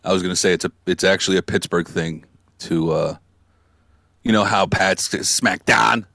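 A man's voice: low voice, moderate pace, vocal fry, bright, forceful tone, dry recording, clean studio sound. A man co-hosting a podcast, chatting casually and joking with his co-host. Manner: joking, teasing, laid-back. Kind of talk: casual wrestling podcast chat.

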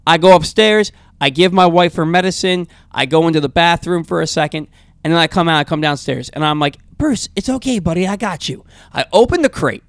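A male talk radio host telling a long, animated story in a rambling, casual way with frequent restarts. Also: on the high side, a little fast, smooth, no room sound.

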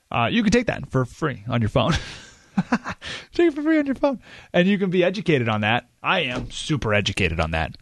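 A man's voice: medium pitch, dry recording, clean studio sound. A man hosting a radio show, talking casually and rambling in a self-deprecating way, often laughing at himself. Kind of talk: casual talk radio monologue. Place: radio studio.

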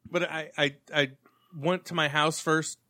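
A man in his thirties chatting casually with friends about old jobs, relaxed and swearing. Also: fairly high pitch, measured pace, no room sound, studio quality. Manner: laid-back, swears, laughs along. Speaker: podcast co-host. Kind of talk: casual chat.

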